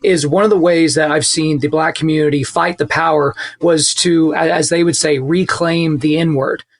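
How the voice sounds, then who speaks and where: A man's voice: a little high, fairly even intonation, moderate pace. A man hosting a podcast, asking a long and casual rambling question. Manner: rambling, casual, many fillers before getting to the question. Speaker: podcast host.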